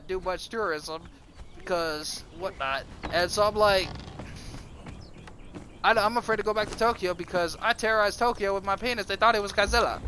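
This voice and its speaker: High-voiced man rambling a crude story. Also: background noise. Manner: crude, rambling, self-mocking. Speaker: streamer.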